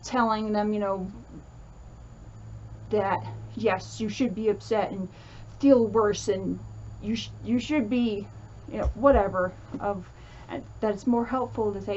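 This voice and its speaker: A woman's voice: mid-range voice, steady tone, a little slow, darkish tone, lo-fi sound, a little hiss or hum. A woman teaching a casual lesson, chatty and full of fillers, acting out comforting quotes as she explains.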